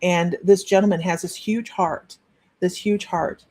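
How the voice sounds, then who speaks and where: A middle-aged woman giving a live-streamed psychic reading, chatty and rambling with many pauses and restarts. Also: lowish voice, fairly even intonation, a little mellow. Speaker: psychic medium.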